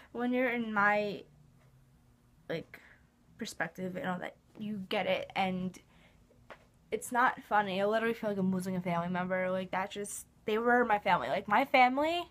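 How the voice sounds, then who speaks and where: A woman's voice: mid-range voice, normal speed, fairly bright tone. Young woman, casual vlog talk, rambling, emotional, filler-heavy. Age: young adult. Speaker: vlogger.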